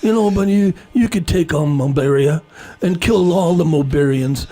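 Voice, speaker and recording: A man voicing a gruff male mob-boss arms dealer with a smooth, pushy sales patter. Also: moderate pace, mellow, lightly acted. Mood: wheedling. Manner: smooth-talking sales pitch.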